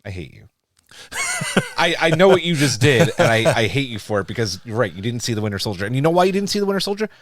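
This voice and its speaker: A man's voice: mid-range voice, sing-song, fast talker. A man hosting a casual podcast discussion, emphatic and swearing freely as he argues his point. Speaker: podcast host.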